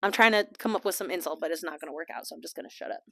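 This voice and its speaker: Woman podcast host just chatting, laughs a lot, goes quiet for little asides, dry close mic. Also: deep voice, rapid-fire, gravelly, no echo. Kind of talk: casual chat. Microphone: small desk mic.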